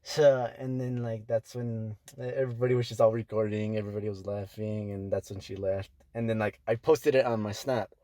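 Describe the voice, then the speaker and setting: A man's voice: lowish voice, steady tone, fairly quick, hardly any pauses, mellow, no echo. A young man hosting a casual podcast, telling work stories in a loose, profane way with lots of fillers. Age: young adult. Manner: loose, profane, full of "like" fillers, laughs often. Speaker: podcast host.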